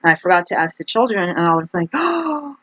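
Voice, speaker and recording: Her voice is fairly low and a bit bright, with no echo, and she talks very fast. This woman vlogger chats to camera in a meandering, casual ramble, restarting often and using "like" constantly. The sound quality is dull and lo-fi, with faint noise.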